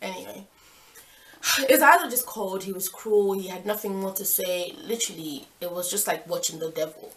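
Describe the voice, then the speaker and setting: A young woman tells a story to her camera in a chatty, animated way. Her voice sits at a middle pitch, and she breaks now and then into sudden loud outbursts. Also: normal speed. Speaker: vlogger. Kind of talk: casual storytime vlog.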